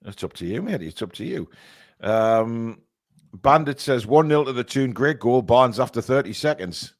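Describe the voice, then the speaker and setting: A man's voice: mid-range voice, animated, normal speed, dry recording, studio quality. A man from England hosting a live football fan stream, chatting casually with many fillers and reading out viewer comments.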